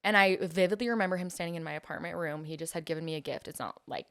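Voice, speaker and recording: Speaking rapid-fire in a fairly low, clean voice with a fairly bright tone, this young podcast guest tells stories from her life in a casual, chatty way. She acts out the quotes and laughs often.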